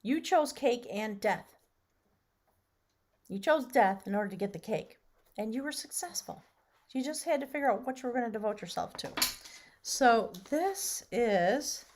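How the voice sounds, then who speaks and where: A woman doing a casual tarot and rune reading, chatty, sometimes dropping to a soft whisper. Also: fairly high pitch. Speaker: tarot reader.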